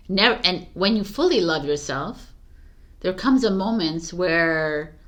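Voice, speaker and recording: A woman's voice: mid-range voice, a bit bright. Woman doing a tarot reading, chatty, encouraging, lots of ums and likes. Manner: chatty and encouraging, with fillers and restarts, laughs often. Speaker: tarot reader. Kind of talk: casual spoken tarot reading.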